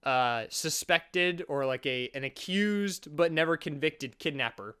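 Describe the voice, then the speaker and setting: Bright-voiced young man telling a story. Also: on the high side, measured pace, smooth. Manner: animated, sarcastic, jokey with frequent self-interruptions. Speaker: vlogger. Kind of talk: storytime vlog.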